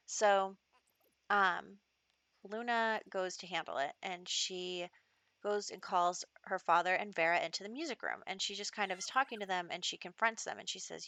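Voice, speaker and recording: A woman's voice: mid-range voice, moderate pace, pushed and bright, dry recording. A woman hosting a gaming channel, narrating a life-sim storyline in a chatty way, with lots of fillers. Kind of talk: let's play narration.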